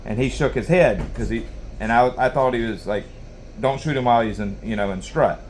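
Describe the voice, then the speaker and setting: A man's voice: mid-range voice, fairly quick, a little mellow, slight background noise. Rambling man telling a hunting story. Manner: rambling, folksy, lots of you-knows and restarts. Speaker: knife sharpening channel host. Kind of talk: casual storytelling while sharpening.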